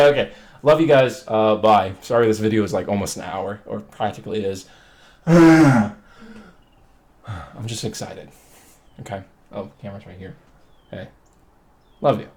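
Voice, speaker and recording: A young man rambles through a joking vlog monologue. His pitch leaps up and down with lively swings. He shifts between loud outbursts and low, mumbled asides. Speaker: vlogger.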